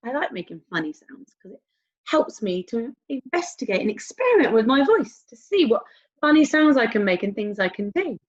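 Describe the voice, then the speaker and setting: Woman teaching an online class for little kids: higher voice, very lively, playful, recorded on dull low-fi audio. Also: moderate pace. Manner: animated, playful, sing-song with whoops and whispers. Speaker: primary school music teacher. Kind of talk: online lesson for young children. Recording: dull lo-fi home video sound.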